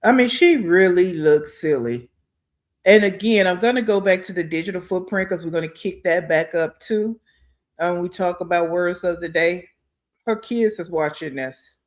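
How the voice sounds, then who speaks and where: A man giving blunt, scornful commentary as host of a reaction video. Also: sits high.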